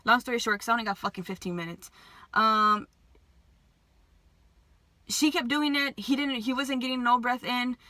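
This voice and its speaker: Agitated swearing woman vlogger, bright voice. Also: a little high, normal speed, long pauses, no room sound. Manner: agitated, heavy swearing, many restarts. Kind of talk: emotional storytime vlog.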